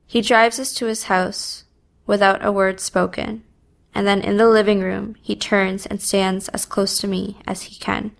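A woman reading a first-person story aloud in a subdued, even manner. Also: mid-range voice, creaky. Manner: slow, even, subdued delivery. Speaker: narrator.

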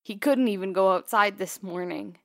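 A woman's voice: mid-range voice, dry recording, studio quality, natural voice. A woman voicing a choked-up grieving older man. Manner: halting, choked.

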